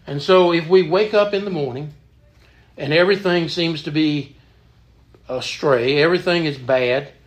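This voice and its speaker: A man's voice: a little high, moderate pace. A man leading a church Bible study in an earnest, emphatic teaching manner, often repeating words as he goes.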